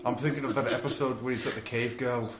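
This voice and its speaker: A man's voice: medium pitch, fairly even intonation, fast, over a noisy crowd. A man co-hosting a casual comedy podcast, reading out listener suggestions with amused chuckles. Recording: roomy echo with faint room noise.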